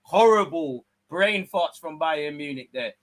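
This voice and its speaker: A young man giving casual, slangy live football commentary, swinging between excited outbursts and low mutters. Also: measured pace. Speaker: watch-along streamer.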